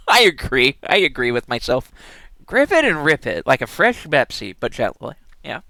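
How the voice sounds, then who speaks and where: Giggly, gushing streamer with lively pitch. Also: measured pace, dry recording. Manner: giggly, gushing, swears casually. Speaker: live streamer. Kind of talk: casual live-stream chat.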